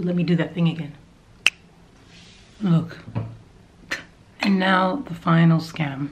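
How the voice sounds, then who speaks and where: A woman's voice: lowish voice, darkish tone, a little hiss or hum. A young woman hosting a joking makeup tutorial vlog, playful and often dropping into whispered asides, now and then slipping into a mock accent. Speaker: beauty vlogger.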